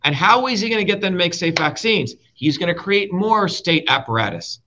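A man's voice: high voice, lively intonation, brisk, sharp tone. A man from India who grew up there, hosting and ranting about politics in a profane, emphatic way that repeats key words. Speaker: show host and guest speaker. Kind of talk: heated political rant. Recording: dull, slightly lo-fi audio.

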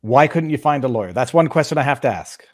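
Man, from Canada, lawyer host, brisk, fast speech. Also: medium pitch, lively intonation, darkish tone. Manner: brisk, precise legal phrasing. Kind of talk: interview questioning.

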